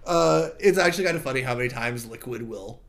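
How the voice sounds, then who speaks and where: A man's voice: fast, creaky. A man in casual podcast chat, animatedly retelling a game's story and acting out characters' lines. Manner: animated, acts out characters' lines with big jumps in pitch.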